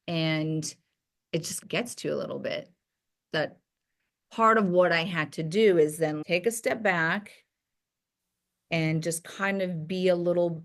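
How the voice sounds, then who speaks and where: A woman speaking as a podcast guest, a doctor and company founder, talking openly and emotionally in a reflective way. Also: fairly low pitch. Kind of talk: candid podcast conversation.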